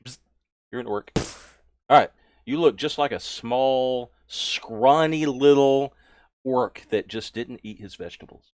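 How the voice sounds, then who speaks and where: A man running a tabletop game as game master, explaining things patiently and gently. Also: medium pitch, measured pace, dry recording.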